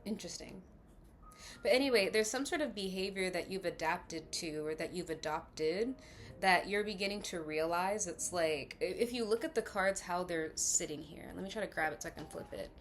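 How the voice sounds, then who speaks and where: A woman's voice: fairly low pitch, normal speed, slight background noise. A woman giving a casual tarot reading, rambling and chatty with many fillers, slightly lisping through a retainer. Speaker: tarot reader.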